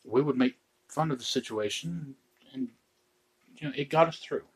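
A middle-aged man telling true stories from home in a casual chat, with dry, deadpan joking asides. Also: mid-range voice, normal speed, breathy edge.

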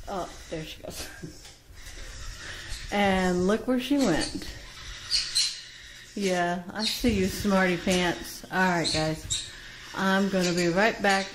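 A woman who breeds parrots, talking casually at home to viewers and cooing to her baby birds in a sing-song voice with soft laughs. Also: medium pitch, slow, long pauses, noisy background. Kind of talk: casual chat to camera and baby-talk to birds.

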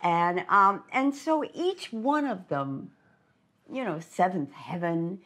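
Older woman, effusive and animated. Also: fairly low pitch, slow pace. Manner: warm, effusive and enthusiastic. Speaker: honoree in conversation. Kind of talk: casual reminiscing chat.

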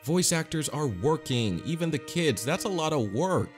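A man hosting a video commentary, deliberately putting energy and passion into his delivery. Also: a little high, faint music behind. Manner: puts on an animated, lively delivery. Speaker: YouTube commentary host.

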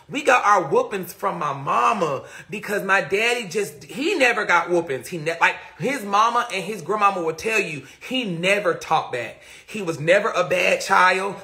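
Man, live-stream storytime, animated, laughing, addresses viewers, high voice, very bright tone. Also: moderate pace, hardly any pauses.

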